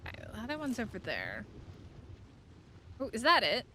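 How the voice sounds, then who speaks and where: A woman's voice: fairly high pitch, wildly swooping pitch, moderate pace, noisy background. A woman streaming a survival game, giving casual commentary and playfully chatting to creatures and viewers.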